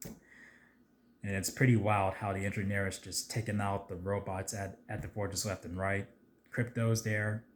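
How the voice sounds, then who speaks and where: A man chatting casually about a movie trailer, rambling with lots of fillers and getting excitable at times. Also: on the low side, measured pace, a little hiss or hum. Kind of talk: casual video commentary.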